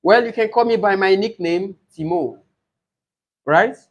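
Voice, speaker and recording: A man teaching exam preparation for English speaking tests, explaining slowly and repeating model answers aloud. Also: sits high, highs cut off. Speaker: IELTS tutor.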